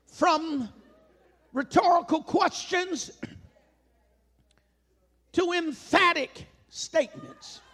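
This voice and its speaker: A man preaching in a very high, bright voice that cuts through. He takes his time, drawing words out slowly, and drives his points home with emphatic, rhythmic call-and-response and repeated phrases. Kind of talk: sermon.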